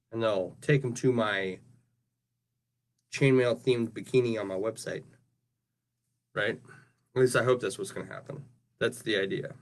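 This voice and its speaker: A man's voice: medium pitch, takes it slowly, long pauses. A man casually talking through his craft work on a livestream, rambling and often ending sentences with "right?". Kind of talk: casual livestream talk while working.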